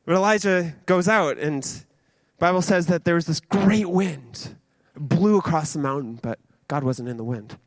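A man's voice: on the high side, normal speed, few pauses, no echo. A young man preaching a sermon, dramatic, acting out voices and dropping to a near whisper.

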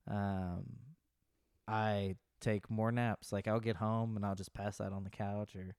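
A man in his late twenties chats in a relaxed, rambling way, laughing often. His voice sits a bit low and sounds smooth and resonant. The sound is dry and close, with no room around it. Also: unhurried, no echo. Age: late 20s. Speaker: podcast co-host. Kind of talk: casual chat.

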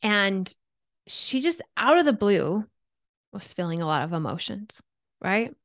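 A woman in her thirties, a podcast guest talking about emotions, telling stories with lively shifts into quoted thoughts. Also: medium pitch, a little slow, no echo, studio quality. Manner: animated storyteller, voices her own and others' thoughts. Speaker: podcast guest, anxiety coach. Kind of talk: conversational interview.

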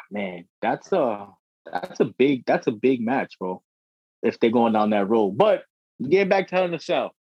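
A young man co-hosting a casual wrestling podcast, talking in a profane, slangy, excitable way. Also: medium pitch, slightly rough, no room sound. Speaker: podcast co-host. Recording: dry dull lo-fi audio.

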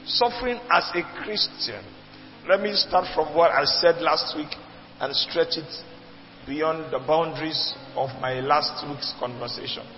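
High-pitched guy preaching, emphatic, big echoey hall, dull lo-fi sound. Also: measured pace, soft background music. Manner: emphatic, repetitive preaching with call-and-response. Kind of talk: sermon. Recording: dull lo-fi recording with long reverb.

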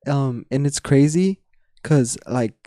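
A man's voice: medium pitch, slow, dark tone. Young man rambling in a casual podcast. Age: young adult. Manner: rambling, many fillers and restarts, laughs often. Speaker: podcast co-host. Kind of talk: casual chat.

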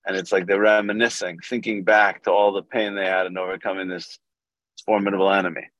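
A man with a fairly low voice leads a relaxed Talmud study session. He explains in a loose, rambling way, full of fillers, and drops in Hebrew and Aramaic terms. The sound is dry, with no room echo. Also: brisk, lo-fi sound. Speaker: teacher leading a Gemara class. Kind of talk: casual Talmud study lesson.

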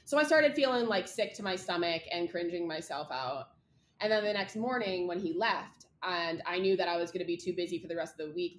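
A young woman with a lowish voice shares things openly in a rambling, casual way, leaning on "like" a lot. She co-hosts a chat podcast. The room around her is echoey, with a faint background hum. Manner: candid, rambling, lots of "like". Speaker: podcast co-host.

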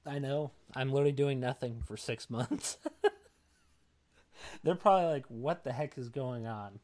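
A young podcast co-host with a mid-range, slightly mellow voice chats casually at a moderate pace, sounding tired. He rambles through tangents with lots of fillers and a self-deprecating manner.

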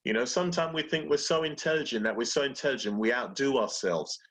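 Animated husky man giving a pep talk. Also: mid-range voice, fast talker. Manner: animated, acts out inner voices. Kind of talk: casual motivational talk.

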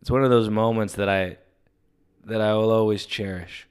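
A man hosting a solo comedy podcast, telling stories in a rambling, profane way with sudden loud bursts. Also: fairly low pitch, fairly even intonation, normal speed, clear, resonant tone. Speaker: podcast host. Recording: audio-only podcast mic.

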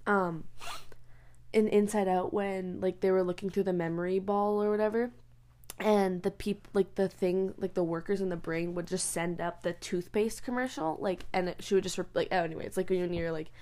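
A woman's voice: lowish voice, fairly even intonation, moderate pace, darkish tone. A young woman chatting casually in a vlog, rambling with many fillers and frequent giggles. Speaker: vlogger. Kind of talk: casual chat. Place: bedroom.

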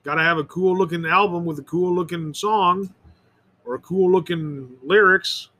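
A man's voice: high voice, normal speed, pushed and bright. A man rambling through an opinionated solo monologue as host of his own show, often restarting and repeating words. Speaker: podcast host.

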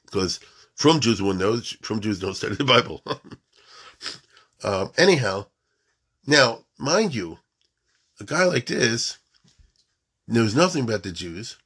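A man's voice: fairly low pitch, sing-song, measured pace, long pauses, a bit bright, husky. A man giving an informal storytelling lecture, mixing in Hebrew and Yiddish terms and often checking that his listeners follow.

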